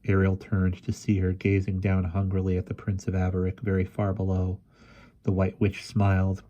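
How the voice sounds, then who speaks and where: A man reads a fantasy novel aloud in a steady, measured way. His voice sits low and sounds dark and mellow. Now and then he restarts a word and carries on. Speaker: reader. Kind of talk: audiobook narration.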